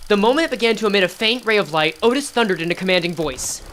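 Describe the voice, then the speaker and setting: A woman's voice: mid-range voice, expressive, quick pace, hardly any pauses, fairly bright tone, slight background noise. A woman streamer reading a game story aloud with chatty, reactive asides.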